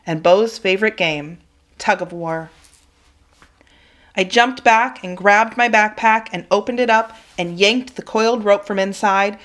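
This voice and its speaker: A woman narrates a children's chapter book aloud at a mid pitch typical for a woman. Her reading is expressive and dramatic, pacing the tense passages with care. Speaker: reader for children. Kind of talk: storybook read-aloud.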